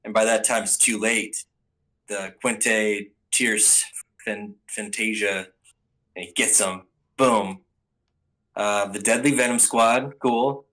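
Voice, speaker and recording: A man's voice: fairly low pitch, steady tone, slow pace, bright, forceful tone, low-quality recording. A man giving a casual, rambling spoken recap of anime episodes, full of ums and restarts.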